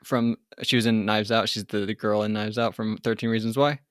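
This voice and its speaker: A man's voice: lowish voice, level tone, a little fast, smooth, no room sound. A man co-hosting a podcast, chatting casually about movies with a dry, teasing humor. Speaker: podcast co-host. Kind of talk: casual movie review chat.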